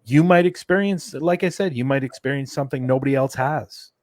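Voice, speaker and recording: Man, guest on a chat show; easygoing, rambling delivery, mid pitch, dry close sound. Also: fairly quick, a little mellow, no echo. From Canada. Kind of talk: casual chat.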